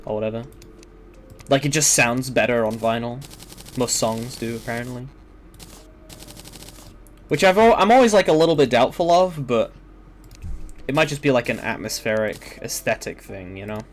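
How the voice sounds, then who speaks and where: Young male streamer, loose meandering gaming chat, casual profanity, mid-pitched voice. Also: animated, moderate pace, pauses often, a little hiss or hum. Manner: rambling, filler-heavy, swears casually.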